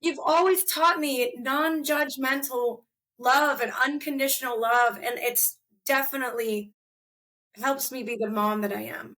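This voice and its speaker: A woman hosting a podcast in casual chat, animated and heartfelt, laughing often as she talks. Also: high voice, a little slow. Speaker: podcast host.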